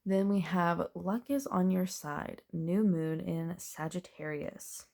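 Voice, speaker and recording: A woman's voice: lowish voice, steady tone, takes it slowly, creaky, warm tone. A woman doing a casual, chatty tarot reading, thinking aloud as she turns the cards and laughing now and then. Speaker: tarot reader.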